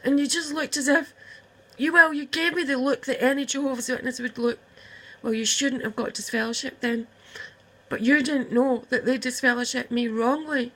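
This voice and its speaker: A woman's voice: sits high, moderate pace, fairly bright tone, poor audio. A woman, upset and close to tears, rambling heartfelt words straight to her estranged sister in a personal video message. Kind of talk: emotional personal message to camera.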